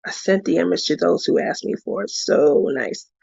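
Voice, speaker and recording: A woman's voice: lowish voice, fairly even intonation, moderate pace, gravelly, a little mellow, breathy edge, dry recording, lo-fi sound. A woman hosting a casual crafting livestream who tells stories in a chatty way and laughs often. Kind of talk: casual chat while crafting.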